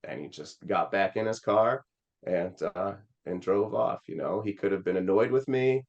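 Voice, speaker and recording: Deep-voiced man telling an earnest story. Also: moderate pace, darkish tone, dull audio. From Missouri. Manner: rambling, earnest storytelling with many fillers. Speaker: Senate candidate, podcast guest. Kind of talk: personal storytelling in an interview.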